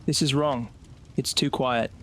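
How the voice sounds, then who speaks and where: A man voicing an uneasy young man on a jungle trek, speaking in a low, trembling mutter. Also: steady tone, a little slow, slight background noise, close to an everyday voice.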